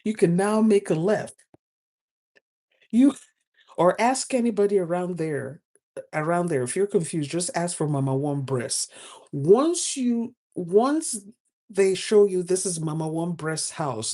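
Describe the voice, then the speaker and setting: A woman with a low, mellow voice speaks at an unhurried pace. She gives spiritual advice in a joking, teasing monologue, breaking into laughter often. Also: sing-song. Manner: playful, laughs often between phrases. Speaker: spiritual advisor. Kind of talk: humorous teaching monologue.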